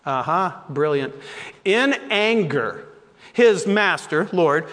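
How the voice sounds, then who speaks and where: A male pastor preaching a sermon, reading scripture aloud with animated voiced lines and asides. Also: high-pitched, big-room sound.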